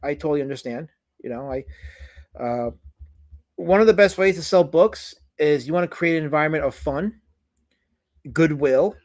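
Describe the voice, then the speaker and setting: A man's voice: a little high, normal speed, long pauses, a little mellow. A man hosting a live drawing stream, chatting casually and slipping into mock-offended, theatrical complaints. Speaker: livestream host.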